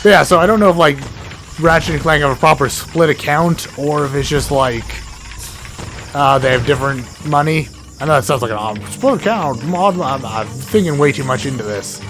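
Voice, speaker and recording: A man hosting a let's play, giving casual rambling commentary with frequent self-corrections and jokey asides, his voice going hoarse and cracking. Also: a little high, moderate pace. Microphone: desk mic with a cable that gets knocked. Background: game music.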